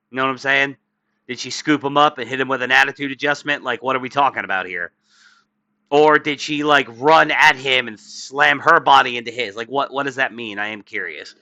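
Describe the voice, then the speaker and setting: A man's voice: mid-range voice, bright, forceful tone, no room sound. A tired, yawning man hosting a profane political commentary show. He reads news aloud with sarcastic asides and stumbles often. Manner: crude, sarcastic, stumbling over reading with many uhs. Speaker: political commentary channel host.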